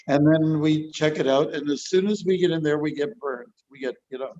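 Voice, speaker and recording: A man, a monk giving a scripture class, talking in an animated, playful way and acting out quotes. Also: fairly high pitch, brisk, few pauses, dull audio. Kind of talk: lecture with storytelling.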